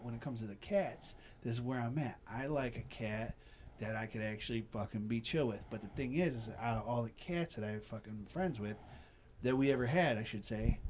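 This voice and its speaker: Profane, animated man hosting a podcast. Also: medium pitch, a little hiss or hum. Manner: profane, animated storyteller, swings between mumbles and loud bursts. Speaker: podcast host. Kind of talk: casual chat.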